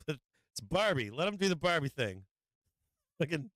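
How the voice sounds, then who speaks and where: A man's voice: a little high, big pitch swings, moderate pace, a bit bright, no echo. A man hosting a live stream, ranting casually with lots of swearing and frequent laughs. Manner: profane, laughing often, rambling.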